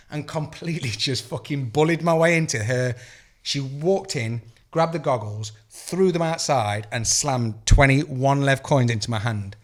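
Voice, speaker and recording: A man with a British accent telling an animated, profane story as a podcast co-host, acting out the dialogue. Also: mid-range voice, normal speed. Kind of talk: casual storytelling chat.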